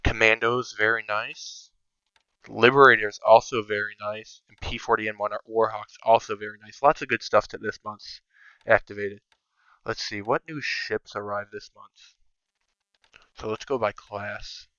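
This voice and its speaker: A man's voice: lowish voice, steady tone, a little slow, bright, forceful tone, smooth, no room sound, lo-fi sound. A man giving casual, think-aloud commentary over his own strategy game, sometimes counting under his breath. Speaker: strategy game video creator.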